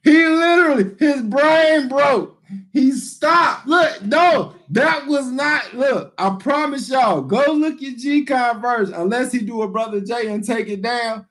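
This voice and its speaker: A man, a priest, giving a reaction commentary on a video, laughing uncontrollably and shouting out exclamations in slangy, repetitive bursts. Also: extremely high pitch, measured pace.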